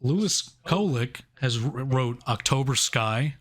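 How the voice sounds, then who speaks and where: A man's voice: mid-range voice, animated, slow, a bit bright. A man co-hosting a casual movie review podcast, joking and swearing, often laughing. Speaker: podcast co-host.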